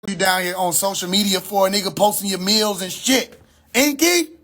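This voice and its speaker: A livestream host rants for comic effect, mocking and incredulous, cursing constantly and repeating his own questions for emphasis. His high voice stays level in tone, fairly quick and fairly bright, with faint music playing behind.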